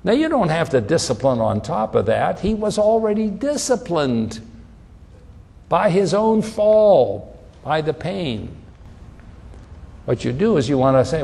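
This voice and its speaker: Gravelly preacher in a reverberant hall. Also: male voice, a little high, sing-song, warm tone, slight background noise. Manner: emphatic, repeats phrases, slows on scripture. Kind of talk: sermon.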